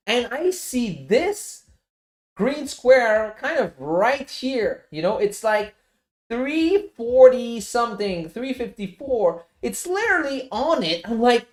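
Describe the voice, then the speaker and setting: A man hosting a casual livestream from his home office, telling a lively story and swearing freely. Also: very high voice. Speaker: livestream host.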